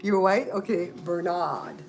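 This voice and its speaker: A Belizean woman chats casually on her livestream, talking to viewers by name. Her voice sits a little low, and she likes to repeat and spell words out. A faint noise hums behind her. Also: slow. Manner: chatty, repeats and spells out names. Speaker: livestream host. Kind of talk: casual live-stream chat with viewers.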